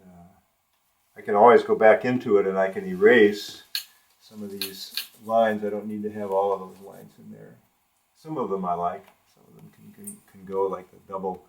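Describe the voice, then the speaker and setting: A man's voice: sits low, flat delivery, normal speed. An older man teaching a live watercolor demonstration in a studio, thinking aloud as he paints, often trailing off and restarting his sentences. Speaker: art instructor. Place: art studio with a live model.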